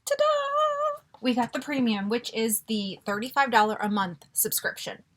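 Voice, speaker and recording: A woman vlogger chatting casually through a beauty box unboxing, gushing and excitable with frequent gasps. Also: on the high side, normal speed. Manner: gushing and excitable, gasping often.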